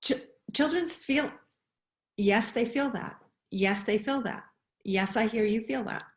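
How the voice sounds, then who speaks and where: Woman speaker in a webinar, expressive, asks the room stuff, roomy echo. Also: a little high, unhurried. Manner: expressive, acts out quoted voices, asks questions. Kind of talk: animated talk.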